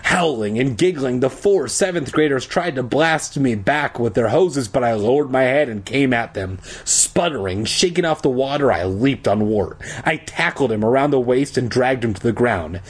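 A man's voice: moderate pace, few pauses, husky. A man reading a children's book aloud in a comedic way, adding crude joking asides. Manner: lively, rises high for quoted lines. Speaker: reader.

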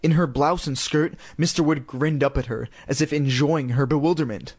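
A man with a slightly higher voice reads a children's story aloud. His delivery is casual and irreverent, and he slips crude ad-libs into the narration. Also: steady tone, normal speed, few pauses, a little mellow, slightly rough. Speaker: reader.

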